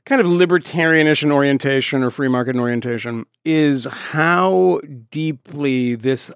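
Man co-host, quick and incredulous. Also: medium pitch, dry recording, clean studio sound. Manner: laughing, incredulous. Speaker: podcast co-host. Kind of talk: casual chat.

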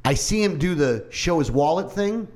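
A man co-hosting a casual talk show, telling a story in an animated way, swearing freely and acting out what others said. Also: a little high, moderate pace. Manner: animated storytelling, heavy swearing, acts out quoted voices. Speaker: podcast co-host. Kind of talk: casual chat.

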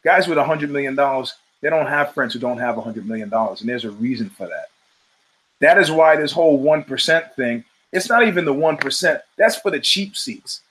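A man's voice: mid-range voice, animated, fairly quick, fairly bright tone, slight background noise, low-quality recording. A middle-aged man hosting his own show, telling stories in a casual, profane monologue and acting out the voices of people he quotes. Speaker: show host.

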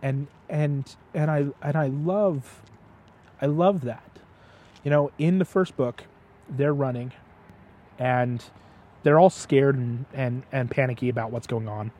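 A man's voice: mid-range voice, fairly even intonation, unhurried, a little mellow. A man chatting as his father's guest, retelling a story with passion and often stumbling over repeated words. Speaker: guest, host's son. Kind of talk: casual storytelling chat.

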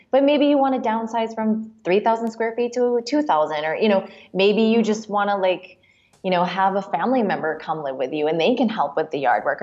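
A woman's voice: lowish voice, darkish tone. Chatty woman on a dull remote line. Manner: chatty, upbeat, practical. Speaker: guest, author. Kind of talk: casual interview chat.

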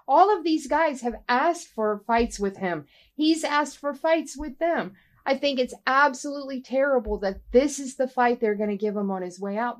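A woman hosting a casual fight-sports talk show, leading the segments and giving firm opinions. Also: fairly high pitch. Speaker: MMA podcast host. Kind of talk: casual fight news chat.

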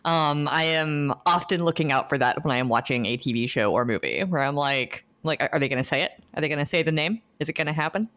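A woman's voice: low-pitched, expressive, fast, hardly any pauses, a bit bright. A woman co-hosting a podcast, talking enthusiastically and rambling with many restarts. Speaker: podcast co-host. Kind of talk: casual podcast chat.

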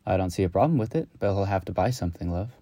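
A man's voice: sits low, lively intonation, very fast, dark tone, no echo. A man voicing a friendly, easygoing woman bartender with a cool, sweet manner. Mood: breezy. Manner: easygoing, calls people honey and love.

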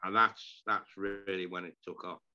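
In a muffled-sounding, dull recording, a retired sports broadcaster now being interviewed spins loose, self-mocking tales of his broadcasting days. The older man's voice sits low and level, bright and forceful, at a moderate pace, broken by frequent restarts and throat-clearing.

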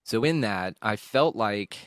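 A man hosting a podcast, talking candidly and emotionally about a hard stretch, rambling and swearing with frequent halting restarts. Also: lowish voice, animated, fairly bright tone, no echo, clean studio sound. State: emotional at times. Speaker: podcast host. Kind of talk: candid personal monologue.

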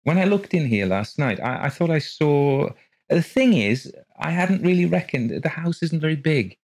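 Male reader voicing a nervous, polite young mother; pitch pushed up, hesitant and stammering. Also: very animated, moderate pace, a little mellow. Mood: anxious polite.

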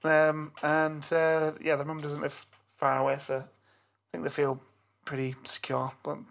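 A middle-aged man on a podcast, telling a story in casual chat with animated, swearing delivery. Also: a little high, a little slow, gravelly, slight background noise. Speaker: podcast co-host.

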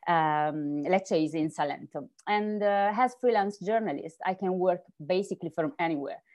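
A woman's voice: on the low side, moderate pace, darkish tone. A woman from Puglia with an Italian accent, talking as a guest on a podcast with many fillers. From Puglia, Italy. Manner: chatty, with frequent fillers. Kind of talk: casual interview conversation.

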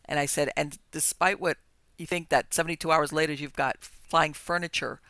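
A woman hosting a podcast interview, talking at length in a lively, chatty way with frequent restarts. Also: deep voice, moderate pace, no room sound. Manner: talkative, lively, restarts often. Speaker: podcast host. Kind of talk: casual interview chat.

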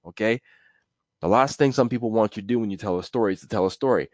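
A man's voice: on the low side, quick pace, dry recording, clean studio sound. A man hosting a casual solo podcast, rambling and correcting himself as he talks. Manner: rambling, self-correcting, with chuckles. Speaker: podcast host.

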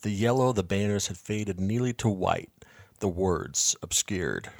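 Man, story narration, low voice, quiet measured delivery, dry close sound. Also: vocal fry, dry recording. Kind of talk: scripted first-person story narration.

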